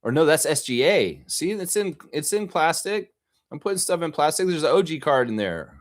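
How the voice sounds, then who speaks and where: A man hosting a casual live stream, excitedly rambling to his viewers as he shows off things. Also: fairly high pitch, normal speed. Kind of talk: casual live-stream chat showing off his card collection.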